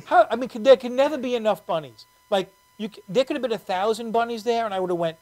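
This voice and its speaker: A woman host, telling animated, excitable stories in casual comedic chat. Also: on the high side, fast, few pauses, dry recording, low-quality recording. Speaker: show host.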